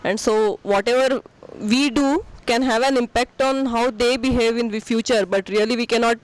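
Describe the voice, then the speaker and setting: A man's voice: very high voice, fairly even intonation, moderate pace, low-quality recording. A man in a workshop audience, summing up the point thoughtfully. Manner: summarizing, thoughtful. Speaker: workshop participant.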